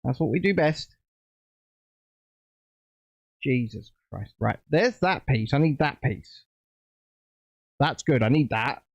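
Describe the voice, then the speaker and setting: A man's voice: mid-range voice, animated, takes it slowly, pauses often, dry recording, muffled recording. A British man hosting a casual livestream, chatting and rambling while building a set at home. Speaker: livestream host.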